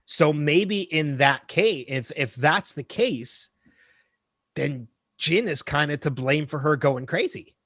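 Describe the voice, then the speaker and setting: A male podcast co-host chatting casually, his voice pitched a little high and full of swooping inflection. He rambles and restarts his thoughts as he goes. The sound is close and dry, with no room around it. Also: slow pace, no echo. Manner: animated, rambling, self-correcting. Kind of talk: casual chat.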